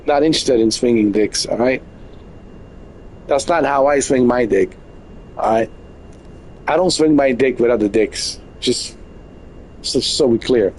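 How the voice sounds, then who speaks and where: A man's voice: mid-range voice, expressive, a little slow, pauses often, darkish tone, a little hiss or hum, low-quality recording. A man giving casual, joking live commentary on a flight game from his bedroom, full of exaggerated mock complaints. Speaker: game streamer. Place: bedroom at home.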